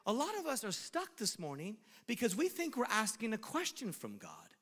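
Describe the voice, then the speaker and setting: A man preaching a sermon as pastor, animated and acting out voices in his stories. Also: sits high, moderate pace, hardly any pauses, big-room sound.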